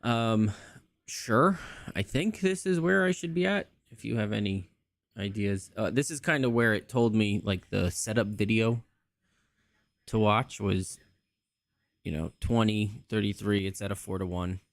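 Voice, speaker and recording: Low gravelly man tweaking his mic. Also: measured pace, no room sound. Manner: muttering to himself while tweaking mic settings. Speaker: livestream host. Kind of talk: casual streaming chat.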